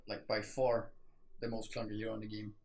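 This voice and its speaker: Halting man in gaming chat. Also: lowish voice, monotone, a little hiss or hum. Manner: halting, many restarts and fillers.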